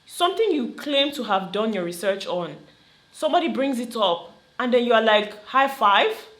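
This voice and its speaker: A woman with a Nigerian accent giving animated, opinionated commentary on a reality show, slipping into Pidgin. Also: a little high, moderate pace. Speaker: vlogger reacting to a reality show. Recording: roomy echo.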